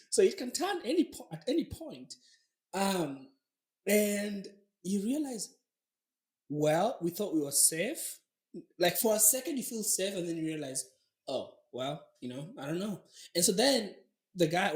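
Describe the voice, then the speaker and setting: Male podcast host, chatty storyteller with a lively, swinging pitch, recorded in a roomy space. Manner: animated, lots of filler words and laughing. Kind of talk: casual storytelling. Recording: roomy echo.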